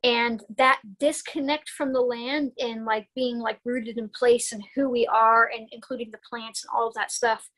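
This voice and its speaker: A woman's voice: on the high side, steady tone, moderate pace, hardly any pauses, a bit bright, rough recording. A woman herbalist talking as a guest in a casual interview while she recovers from a concussion. She rambles in a chatty way, with many restarts, and laughs often.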